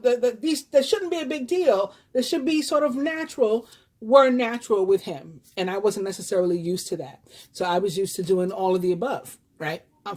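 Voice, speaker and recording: A woman in her fifties with a New York accent, a tarot reader talking straight to her viewers. Her pitch sits in the middle and she rambles in a chatty way, with lots of fillers and restarts. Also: a little mellow. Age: 50s. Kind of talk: casual storytelling to viewers.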